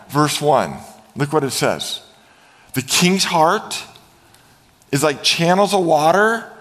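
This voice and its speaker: A middle-aged man preaching a sermon as a pastor, telling stories with lively animation and acting out quoted voices. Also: on the high side, in a large hall.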